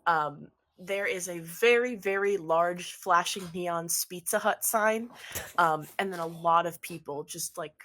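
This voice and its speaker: A woman's voice: lowish voice, a little slow, a bit bright. A woman narrating as game master of a tabletop game, chatty with many fillers.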